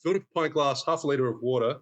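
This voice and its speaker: A man's voice: medium pitch, very fast. A man, a guest bartender, telling a story in casual talk and acting out the people in it with a raised voice. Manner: animated, acts out quotes in raised voice.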